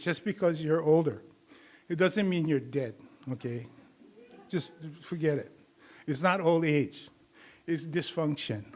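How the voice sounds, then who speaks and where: A man's voice: on the high side, a little mellow. An older man from Hawaii giving a casual, teasing health talk to a live audience, laughing often and acting out other people's voices. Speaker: community health lecturer.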